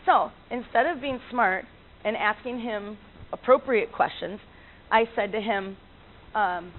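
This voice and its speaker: A chatty woman telling anecdotes casually, laughing often and restarting her sentences. Her voice sits a touch high. It comes through a thin, phone-like line with faint hiss behind it. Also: slow, pauses often. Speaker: animal communicator. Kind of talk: casual storytelling talk. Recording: tinny lo-fi line with faint noise.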